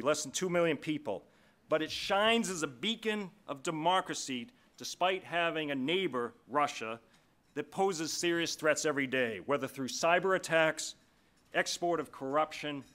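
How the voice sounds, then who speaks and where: A man introducing the keynote speaker at a formal dinner, speaking in a measured way and slowing down for emphasis. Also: on the high side, expressive, fairly bright tone. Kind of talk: formal prepared speech at a dinner. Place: large banquet hall.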